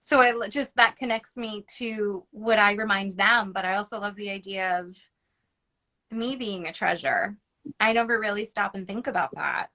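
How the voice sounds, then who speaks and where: A woman hosting a podcast interview, answering her guest with quick, affirming remarks in casual chat. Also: medium pitch, highs cut off. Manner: warmly affirming, quick listener responses. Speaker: podcast host.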